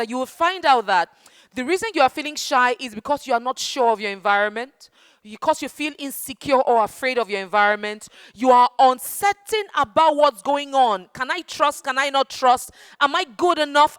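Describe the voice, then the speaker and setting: Warm-hearted woman speaker for kids: high, very expressive, close dry mic. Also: no room sound. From Nigeria. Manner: animated, calls children darling and baby. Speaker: children's book festival speaker. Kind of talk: interactive talk to children. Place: festival hall with young audience.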